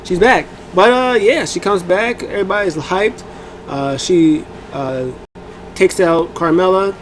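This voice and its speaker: A man's voice: sits high, unhurried, a little hiss or hum, low-quality recording. A man casually recapping a wrestling event as host of a review show, rambling with many fillers and acting out what people said. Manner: rambling, animated, many fillers, acts out quotes.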